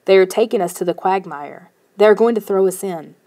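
A woman's voice: mid-range voice, a little fast, dark tone, close to an everyday voice. A woman voicing a fearful, rule-following boy who speaks hesitantly in an audiobook. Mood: nervous.

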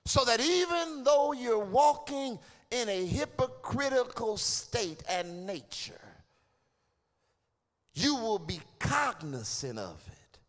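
A man preaching a sermon as pastor in a church, his delivery swinging from hushed low tones to shouted, sung cadences. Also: sing-song, slow pace. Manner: drops to low, hushed tones between climaxes. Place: church sanctuary. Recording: long hall reverb.

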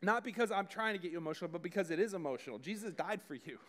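A man's voice: high voice, expressive, racing, a bit bright. A man preaching a youth sermon, talking conversationally and addressing the room directly. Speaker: youth pastor.

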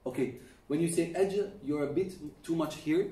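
A middle-aged man with a dark, mellow voice patiently drills students on pronunciation, repeating each sound as he coaches them. He is picked up from some distance in an echoey classroom, so the room rings around his words. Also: a little high, steady tone, normal speed. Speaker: Quran recitation teacher.

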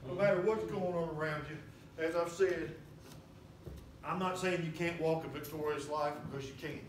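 A man preaching a sermon as a guest pastor, fiery and rising to shouts and whoops. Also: fairly high pitch, steady tone, moderate pace, noisy background. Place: church sanctuary. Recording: roomy church from far off.

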